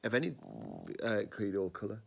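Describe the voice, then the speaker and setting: A man hosting a casual review podcast, animated and rambling, often breaking off mid-sentence. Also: lowish voice, brisk, gravelly. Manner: animated, rambling, self-interrupting. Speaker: podcast host.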